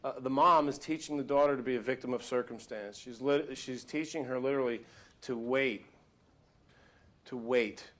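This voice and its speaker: A man giving a live motivational workshop talk, telling stories in an animated, emphatic, conversational way. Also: mid-range voice. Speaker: motivational speaker.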